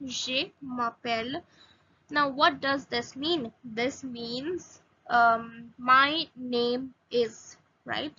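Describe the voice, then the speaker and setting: High, bright-voiced young woman teaching. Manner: halting, many fillers and restarts, slows to spell out phrases. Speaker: language teacher. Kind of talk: casual video lesson. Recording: slightly dull lo-fi audio with faint noise.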